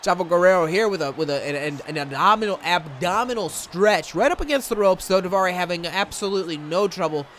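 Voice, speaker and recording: This time the Michigan gamer sounds high-pitched and a bit bright, talking quickly with hardly any pauses as he comments on a wrestling game. He rambles, interrupts himself, and slips into goofy voices, with a little hiss or hum in the recording.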